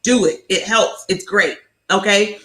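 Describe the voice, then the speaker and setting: A woman coaches her viewers in a live talk, hammering each point home with repeated checks that they are following. Her voice sits at a middle pitch, and her encouragement leans on faith the way a preacher's would. The recording has a roomy echo. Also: measured pace, bright, forceful tone. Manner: emphatic and repetitive, drives points home with "okay?". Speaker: host and life coach.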